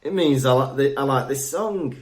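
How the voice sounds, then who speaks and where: Medium in pitch and moderate in pace, a young man co-hosting a podcast talks casually. He rambles, cracks jokes, and tells stories with liveliness.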